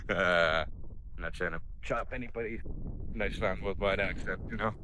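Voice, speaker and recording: A travel vlogger with a deep voice narrates casually into a handheld camera from a mountain summit, speaking at a moderate pace. Awestruck by the view, he rambles and jokes, with background noise in the recording.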